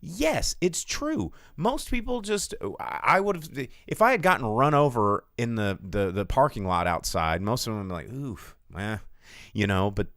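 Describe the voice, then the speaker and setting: A man co-hosting a casual movie-talk show, telling stories with lots of fillers and restarts and jumping high when he quotes other people. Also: normal speed, hardly any pauses, no room sound, studio quality. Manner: animated storytelling, jumps high for quoted voices; rambling with many fillers and restarts. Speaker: podcast co-host.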